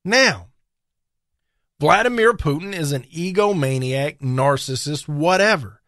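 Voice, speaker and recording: A man's voice: a little high, lively intonation, unhurried, a bit bright, dry recording, studio quality. A man hosting a political talk radio show, delivering emphatic, combative commentary with sarcastic asides.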